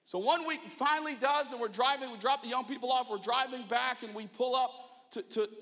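A young man preaching a sermon, telling a funny personal story with self-mocking animation and shouted asides in a church auditorium. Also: extremely high pitch, fairly quick. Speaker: pastor. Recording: long hall reverb.

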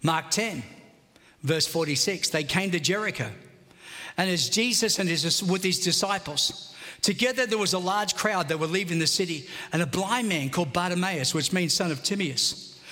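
Fervent high-voiced male pastor preaching. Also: animated, moderate pace, sharp tone, big-room sound. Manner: fervent, call-and-response preaching. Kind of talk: sermon.

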